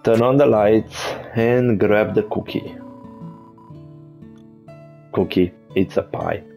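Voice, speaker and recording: A man's voice: on the low side, slow, gravelly, darkish tone, soft background music. A man playing a video game as host, making wry joking asides in casual commentary. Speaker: let's play host.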